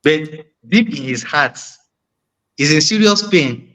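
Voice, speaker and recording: A man's voice: a little high, expressive, slow, pushed and bright, rough recording. A man on a discussion panel, making his point earnestly and often repeating phrases. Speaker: panel guest.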